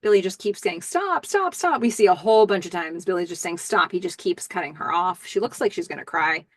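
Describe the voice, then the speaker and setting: A woman hosting a podcast, casually recapping a TV episode and musing aloud with fillers and quick laughs. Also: on the low side, steady tone, dry recording. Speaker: podcast host.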